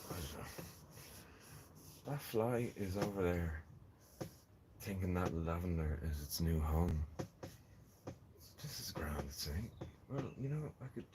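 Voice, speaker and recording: A man's voice: deep voice, lively intonation, a little slow, long pauses, noisy background. A man chatting casually on a gardening live stream, rambling and joking with viewers from his greenhouse. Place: in a greenhouse in the rain.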